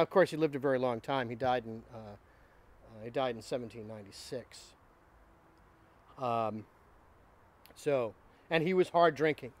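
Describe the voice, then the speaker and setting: Male host, slightly higher voice, lecture-style, halting delivery. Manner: halting, lecturing with fillers and restarts. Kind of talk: informal literature talk.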